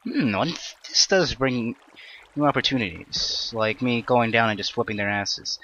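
Bright-voiced young man rambling over gameplay. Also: medium pitch, expressive, normal speed, slight background noise. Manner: rambling, self-deprecating, with sudden panicked outbursts. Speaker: Let's Play gamer. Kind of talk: casual gameplay commentary.

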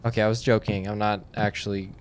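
A man playing a horror game and talking to his viewers. He reads the game text in a hushed voice, then breaks into sudden panicked yelps and nervous jokes. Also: fairly low pitch, level tone, quick pace, background noise. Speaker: gaming streamer.

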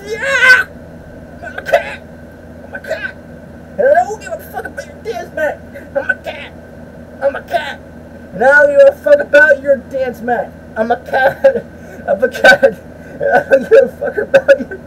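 A rowdy, careless cat belts out a chanting little tune, put on by a man. The voice sits high and jumps wildly up and down as it shouts. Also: wildly swooping pitch, extremely slow, few pauses, noisy background, exaggerated voice. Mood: rowdy sing-song.

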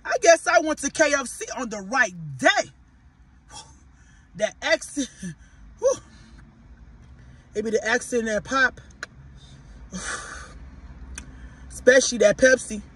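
A man from Detroit with a Detroit accent, chatting casually to viewers while he eats and reviews fast food, often calling them "y'all". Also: high voice, slight background noise. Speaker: podcast host reviewing food.

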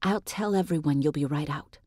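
An impatient young woman speaks up in an urgent, protective way, as a woman narrator puts her on. Her voice sits a little low and sounds dry and close. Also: moderate pace, warm tone, no room sound.

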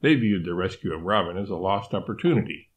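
A man reading a storybook aloud in a measured, formal, wordy narration. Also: deep voice, animated. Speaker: audiobook narrator.

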